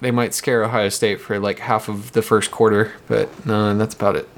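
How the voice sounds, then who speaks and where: A man's voice: fairly low pitch, moderate pace, a little hiss or hum. A man hosting a casual sports podcast, reading through team notes with easy fillers. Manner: relaxed, reads through a list with fillers. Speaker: podcast host.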